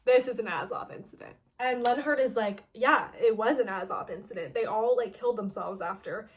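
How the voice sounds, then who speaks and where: A woman's voice: fairly high pitch, slight background noise. A woman casually recapping a story game, chatty and peppered with "like", paraphrasing characters as she goes. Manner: chatty, heavy use of "like", quoting characters in quick paraphrase. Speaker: gaming video host.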